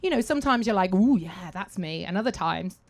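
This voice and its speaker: A woman's voice: on the low side, animated, brisk. A woman telling a blunt, swearing, self-mocking story to a live audience, acting out her own thoughts. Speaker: panel speaker at a live event.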